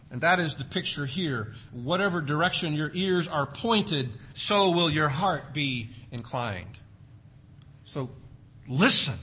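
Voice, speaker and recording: A man preaching a sermon, swinging between loud emphasis and hushed, quiet drops. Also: a little high, breathy edge. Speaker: pastor.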